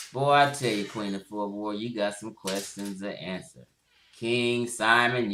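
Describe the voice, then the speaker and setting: A man's voice: fairly low pitch, roomy sound, slight background noise. A man giving blunt, profane commentary on a livestream, laughing often as he goes.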